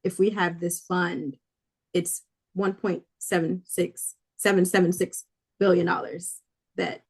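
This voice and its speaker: A woman's voice: on the low side, a little mellow, breathy edge. Chatty woman podcast co-host. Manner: chatty, many fillers, retells scenes with quoted voices. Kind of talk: casual chat.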